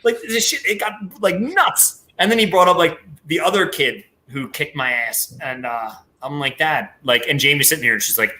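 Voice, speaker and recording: Man, podcast host, animated storyteller, bright tone, slightly high. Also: moderate pace, few pauses. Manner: animated storytelling, swearing freely. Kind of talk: casual podcast chat.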